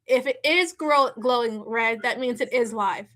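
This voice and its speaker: A woman chatting casually on a live stream, answering viewer comments in a halting way full of restarts and fillers. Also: a little high, a bit bright.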